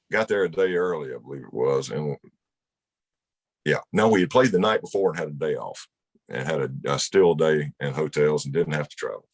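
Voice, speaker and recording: Man, rumbling low voice, husky, lively swoops, folksy storyteller. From Mississippi. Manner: folksy, rambling anecdote with laughs. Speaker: guest musician. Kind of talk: casual storytelling.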